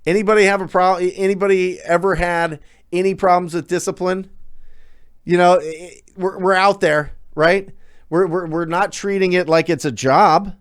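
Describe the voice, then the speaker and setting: A man giving a motivational talk as a real estate coach, energetic and emphatic, often repeating words for emphasis. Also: high-pitched, normal speed, smooth.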